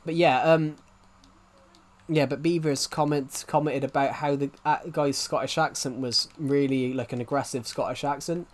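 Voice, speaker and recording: A young man in his twenties, mid-range voice, steady tone, moderate speed. While streaming a game live, he makes relaxed small talk, rambling and frequently restarting what he's saying.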